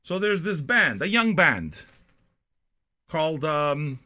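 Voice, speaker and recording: A man's voice: fairly high pitch, very animated, takes it slowly, pushed and bright. An older man from Canada, hosting a music reaction show in a blunt, profane, rambling monologue.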